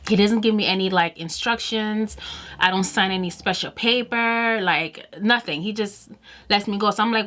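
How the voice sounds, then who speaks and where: A woman's voice: medium pitch, normal speed. A woman beauty vlogger telling a personal story in a casual, chatty way to camera, often acting out what she and others said. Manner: chatty and animated, quoting herself and others. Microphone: camera mic while doing makeup.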